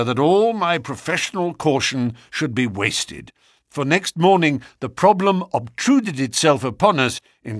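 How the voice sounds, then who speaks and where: Expressive male audiobook narrator. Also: mid-range voice, no echo, clean studio sound. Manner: measured, expressive reading. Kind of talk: audiobook story reading.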